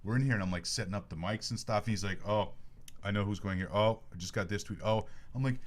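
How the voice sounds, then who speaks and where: Male podcast host, low-ish voice, chatty and joking, casual studio sports talk. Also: fast talker. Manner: jokey, chatty, animated plugs.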